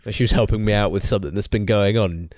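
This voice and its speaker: This podcast co-host is a young man who talks fast in a lowish voice. He rambles through stories in casual chat, restarting often and telling them with animation.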